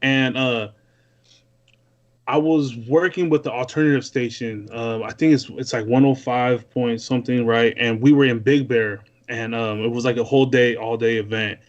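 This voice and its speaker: A laid-back man from Newark, California, calls into a podcast and tells his stories in relaxed, slangy talk. His voice sits at an ordinary pitch. The call-in audio comes through a little muffled and lo-fi. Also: moderate pace. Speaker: guest music producer. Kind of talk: casual podcast chat. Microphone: remote call-in.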